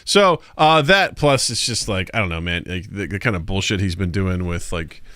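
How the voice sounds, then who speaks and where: A man from Missouri with a low, swinging voice rambles through a casual podcast chat. He is recorded close on a dry studio mic, with no room sound around him. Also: expressive, normal speed, sharp tone, no echo. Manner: rambling, loose, jokey with filler words. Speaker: podcast host.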